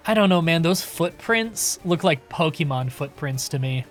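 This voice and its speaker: A man's voice: a little high, lively intonation, normal speed, few pauses, soft background music. A man live-streaming a game, chatting casually with his viewers and swearing freely.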